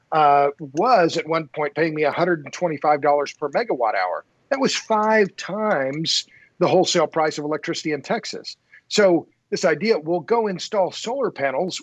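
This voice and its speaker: A man's voice: fairly high pitch, dry recording, highs cut off. A man speaking as a guest in a casual interview, talkative and restarting his words as he works into each point. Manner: talkative, repeats words when starting a thought. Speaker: podcast guest, energy writer.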